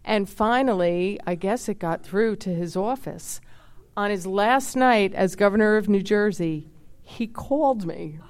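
Woman, 50s, casual storytelling, smooth resonant voice, chatty, expressive. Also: medium pitch, a little slow. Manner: chatty, expressive, many fillers and asides.

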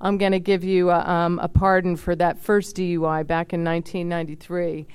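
A woman quoting a male governor in calm, formal praise, close to her own voice. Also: lowish voice, a little fast, smooth, lightly acted. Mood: approving. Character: a governor, a man, calm and approving.

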